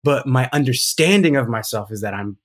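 A man's voice: medium pitch, lively intonation, a little fast. A man talking as a podcast guest in casual conversation, earnest and emphatic, reflecting at length.

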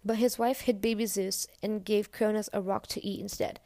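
A woman's voice: medium pitch, steady tone, normal speed, warm tone, no echo. A woman reading a novel aloud in a casual, first-person storytelling way. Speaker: audiobook reader.

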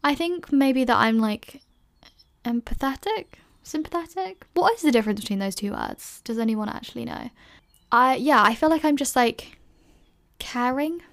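A young woman in her early twenties hosts a casual solo Q&A podcast, rambling chattily with plenty of "like" and self-conscious laughs. Her voice is high-pitched with lively intonation and a moderate pace.

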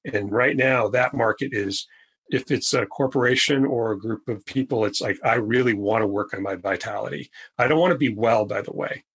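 A man talking as a guest on a podcast interview, an orthopedic surgeon who stresses his key phrases slowly and emphatically. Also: medium pitch, a bit bright, slightly rough, rough recording.

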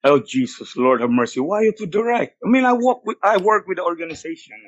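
A man's voice: high-pitched, animated, a little fast, lo-fi sound. A man in his thirties from Montreal calling in, laid-back and easygoing, repeating his words and calling the host brother. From Montreal, Canada. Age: 30s. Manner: laid-back, repeats phrases, calls people brother and bro. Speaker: caller. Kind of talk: casual phone-in chat.

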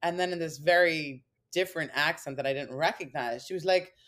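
A woman's voice: low voice, brisk, fairly bright tone. A woman from Long Island, New York, co-hosting a podcast and chatting casually, telling stories and acting out the voices of people she quotes. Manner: chatty storyteller who acts out quoted voices. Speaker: podcast co-host and comedian.

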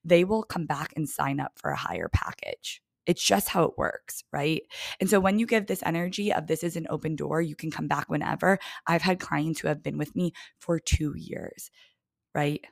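A young woman hosts her own coaching podcast, talking in a chatty, emphatic way. Her voice sits low with a gravelly fry. At times it drops to a soft near-whisper, and the recording is close and dry. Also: normal speed, no echo. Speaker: business coach, podcast host. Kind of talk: casual solo podcast monologue.

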